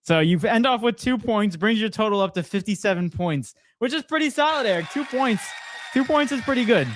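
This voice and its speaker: A man's voice: sits high, lively intonation, brisk, a little hiss or hum. A young man co-hosting a sports podcast, upbeat and laughing often as he reads out scores and predictions. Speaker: podcast co-host.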